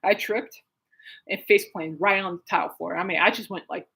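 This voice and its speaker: A woman's voice: fairly low pitch, steady tone, normal speed, gravelly, fairly bright tone, breathy edge, rough recording. A woman hosting her own podcast, rambling casually through a story with frequent laughs and restarts. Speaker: podcast host. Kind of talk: casual solo podcast chat. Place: at home.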